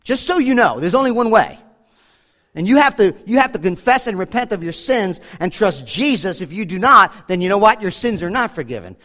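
A man's voice: high voice, very animated, fairly quick, bright, forceful tone. A man preaching a sermon as pastor, in an earnest, conversational way with frequent restarts. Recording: long hall reverb.

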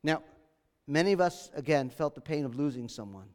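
A man's voice: on the high side, expressive, brisk, in a large hall. A man preaching a sermon as pastor, earnest and emphatic, repeating his key phrases.

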